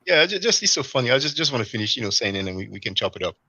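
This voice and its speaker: A man's voice: medium pitch, rapid-fire, breathy edge, no room sound, highs cut off. A man hosting a livestream, rambling through a personal story in casual talk, full of fillers and restarts. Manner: rambling, animated retelling with many fillers and restarts. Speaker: livestream host.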